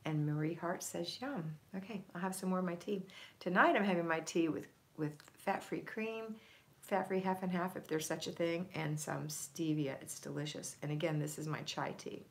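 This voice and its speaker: A middle-aged woman hosting a casual livestream, chatting warmly and greeting her viewers one by one by name. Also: on the low side, moderate pace, creaky, slight background noise. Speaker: host.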